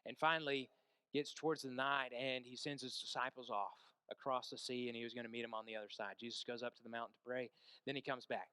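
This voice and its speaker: A man preaching a sermon, telling a story with hushed stretches and emphatic peaks and asking the congregation questions. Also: medium pitch, steady tone, fast, clear, resonant tone, dry recording.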